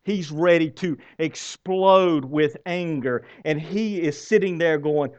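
A man preaching a sermon, animated, asking his listeners rhetorical questions and reading scripture aloud with dramatic pauses. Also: fairly high pitch, highs cut off. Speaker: pastor.

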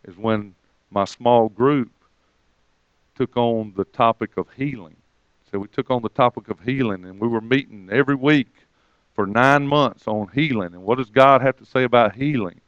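A man's voice: medium pitch, smooth, no echo, muffled recording. A man preaching, retelling a conversation and quoting the other person with a lifted voice. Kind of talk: sermon storytelling.

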